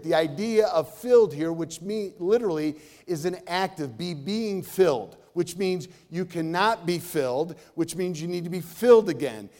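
Middle-aged pastor preaching in a reverberant hall. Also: male voice, fairly high pitch, expressive, normal speed. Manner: conversational preaching, swinging between loud and hushed. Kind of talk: sermon. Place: church sanctuary. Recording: long reverb of a large hall.

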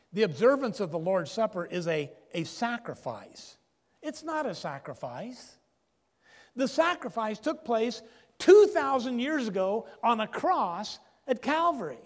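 Older male pastor, high animated voice, emphatic pausing delivery, long hall echo. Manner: emphatic preaching with dramatic pauses. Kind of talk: sermon.

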